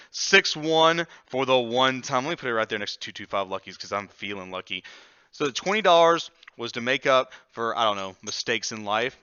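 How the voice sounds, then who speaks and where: A man with a somewhat low, bright and smooth voice hosts a live craps tutorial, explaining his bets between excitable, jokey shouts. The sound is dry and close, with a slightly muffled, lo-fi quality. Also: no room sound. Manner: excitable, jokey, bursts of loud exclamations. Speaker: craps strategy video host.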